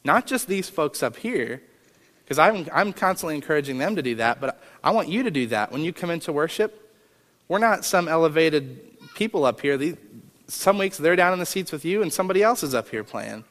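A man leading worship and preaching, earnest, repeating key phrases and dropping from loud to hushed. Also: a little high, expressive, a little fast. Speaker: worship leader. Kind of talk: sermon. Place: large church sanctuary. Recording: long hall reverb, faint music.

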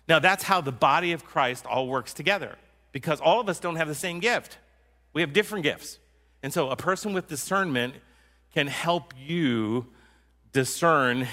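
A man's voice: fairly high pitch, bright, forceful tone, in a large hall. A man preaching a sermon as a pastor, in a conversational way and teasing his congregation.

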